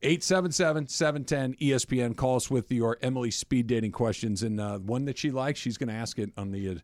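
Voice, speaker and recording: A man's voice: medium pitch, a little mellow, dry recording. Male radio host, mid-range voice, chatty and joking, dry booth. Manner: chatty, jokey, quick asides. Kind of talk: casual radio talk. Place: radio studio. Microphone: studio microphone.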